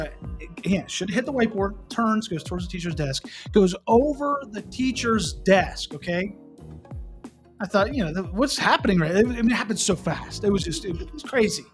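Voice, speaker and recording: A middle-aged man hosts a relaxed morning show and tells stories in an animated way. He restarts his sentences and often checks in with the listener. Faint music plays quietly beneath his voice. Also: sits high. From Pennsylvania. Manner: animated, restarts and repeats, asks the listener questions. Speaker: host. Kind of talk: casual morning show storytelling.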